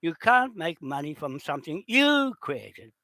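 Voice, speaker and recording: A man in an unscripted rant, heated and accusatory, swearing and often shouting. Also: on the high side, very animated, unhurried, dry recording. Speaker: video host.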